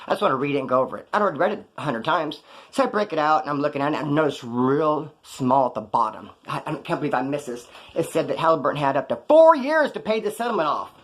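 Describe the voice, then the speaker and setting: A man who served time recounting his prison days in casual storytelling, blunt and profane, with animated jumps in pitch for emphasis. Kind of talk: casual first-person storytelling.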